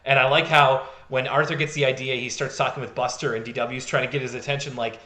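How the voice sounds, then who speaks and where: A man rattles through a casual podcast chat, stacking up fillers and laughing easily. His voice is bright and sharp-edged. The room around him has a noticeable echo. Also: medium pitch, flat delivery, quick pace, few pauses. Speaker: podcast co-host.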